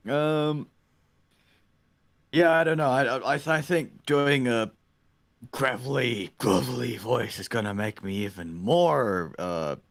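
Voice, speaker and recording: A man's voice: mid-range voice, slow, vocal fry. A man co-hosting a casual comic read-along, giggly and hesitant, often trailing off. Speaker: co-host.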